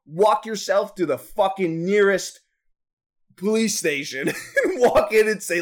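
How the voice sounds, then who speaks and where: A man co-hosting a podcast, chatting crudely and profanely with loud bursts of laughter. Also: high voice, big pitch swings, measured pace. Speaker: podcast co-host. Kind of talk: crude casual chat.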